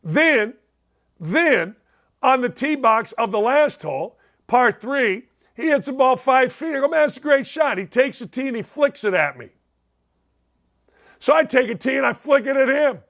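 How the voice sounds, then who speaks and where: A man hosting a sports talk show, telling rambling stories with excitement and repeating himself. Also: extremely high pitch, unhurried, vocal fry.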